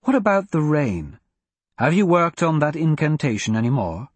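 A man reading an audiobook, voicing an ancient, cryptic male wizard who speaks in a measured, grave and blunt way. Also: on the high side, sing-song, slightly rough, no room sound, voice pushed up. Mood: calm. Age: older.

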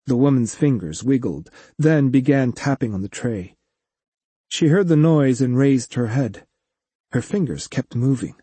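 A man reads a story aloud in a scripted, expressive narration. His voice is dark, mellow and slightly husky, with lively swings in pitch. The recording is close and dry. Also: measured pace, dry recording. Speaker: audiobook narrator.

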